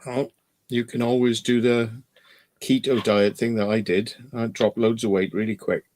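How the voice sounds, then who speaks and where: A man in casual group chat, hesitant with many pauses while telling an anecdote. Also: mid-range voice, fairly even intonation, a little mellow, a little hiss or hum. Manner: hesitant, lots of ums and uhs while telling stories. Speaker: chat participant.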